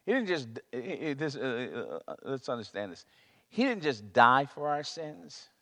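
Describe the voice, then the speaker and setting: A man's voice: medium pitch, big pitch swings, moderate pace, sharp tone. A man preaching a sermon, emphatic and prone to repeating himself as he searches for words. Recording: long reverb of a large hall.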